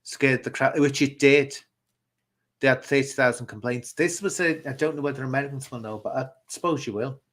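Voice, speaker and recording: A man's voice: mid-range voice, fairly quick, a bit bright. A man from the UK hosting a casual live-stream chat, talking in an opinionated, rambling way and reading out viewer comments. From United Kingdom.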